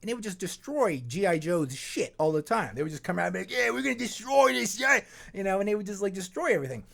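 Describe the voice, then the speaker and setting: A man's voice: high-pitched, lively intonation, rapid-fire, creaky. A man hosting a podcast in a casual, rambling chat, with many restarts and fillers. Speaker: podcast host.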